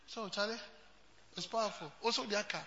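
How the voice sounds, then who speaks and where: A very high, piercingly bright male voice, preaching in a sermon that rises and falls, from hushed asides to shouts. He mixes English with Twi. The sound is dull and rings through a long, echoing hall. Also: fairly even intonation, brisk, slight background noise. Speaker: pastor.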